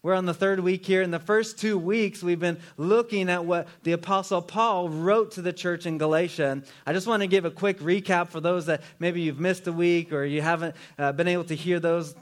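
A man preaching a sermon in a relaxed, conversational way with joking asides. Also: fairly high pitch, brisk, hardly any pauses. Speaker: pastor.

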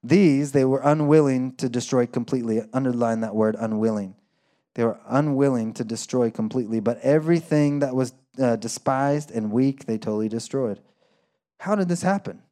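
A young adult man preaching a sermon in a conversational, animated way, full of "like" and acted-out quotes. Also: moderate pace. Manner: animated, acts out quoted voices with sudden high bursts; conversational with frequent "like" fillers. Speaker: pastor.

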